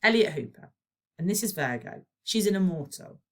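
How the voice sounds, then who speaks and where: A woman reading aloud and voicing an eager, clumsy young boy who talks quickly and informally. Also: on the low side, expressive, recorded from a distance.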